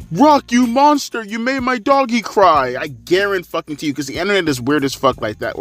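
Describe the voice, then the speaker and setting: Forceful, profane ranting man. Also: medium pitch. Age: 30s. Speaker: wrestling commentator. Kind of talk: ranting commentary.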